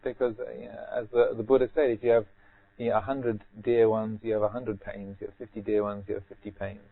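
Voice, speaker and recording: A man, a Buddhist monk, giving a rambling, gently humorous retreat talk with many repeated words. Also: on the low side, flat delivery, quick pace, vocal fry. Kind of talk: retreat Dharma talk, anecdotal. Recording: tinny phone-like band.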